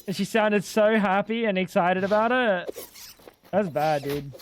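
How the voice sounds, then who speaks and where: A young man with a high voice rambles and jokes to his chat while playing a game, swearing freely. He speaks into a desk microphone at home. Faint crickets and outdoor sounds sit behind him. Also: unhurried, a little hiss or hum. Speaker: streamer. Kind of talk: casual gaming stream commentary.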